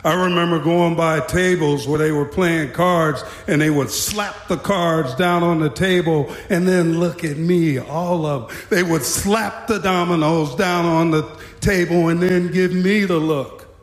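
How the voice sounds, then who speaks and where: Slow, high-voiced male storyteller in a hall. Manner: dramatic, wry storytelling. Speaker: speaker recounting his time as a prison guard. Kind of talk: storytelling talk. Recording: echoey hall.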